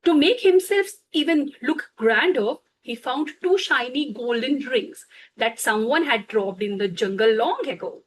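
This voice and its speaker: A woman narrating a bedtime story slowly, pausing to explain words for children, with fillers and self-corrections. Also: high-pitched, animated, a little hiss or hum, rough recording.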